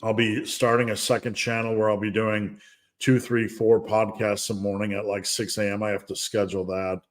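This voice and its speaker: A man's voice: on the low side, flat delivery, normal speed. Chatty man hosting a fitness livestream. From United States. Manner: chatty and rambling, with asides and laughs. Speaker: fitness coach and livestream host. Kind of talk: casual livestream Q&A.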